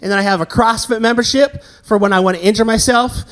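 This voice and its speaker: Performing before a live audience whose laughter fills the comedy venue, this Southern American man in his thirties does self-deprecating stand-up and banters with the crowd between jokes. He talks fast in a high, fairly bright voice with a steady tone.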